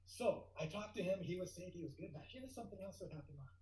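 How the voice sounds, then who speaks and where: A middle-aged man telling a tall tale as a guest speaker, lively and building to excited outbursts. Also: high voice, quick pace, roomy sound, poor audio.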